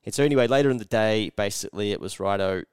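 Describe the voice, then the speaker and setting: Low-voiced, smooth New Zealand man. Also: rapid-fire, no echo, studio quality. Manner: storytelling, swears often, acts out his own thoughts. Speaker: podcast co-host. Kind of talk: casual chat.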